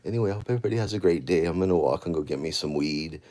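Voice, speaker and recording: A man with a low voice vlogs in a rapid-fire, loose, rambling monologue. He frequently restarts his sentences and drifts into quiet, emotional talk.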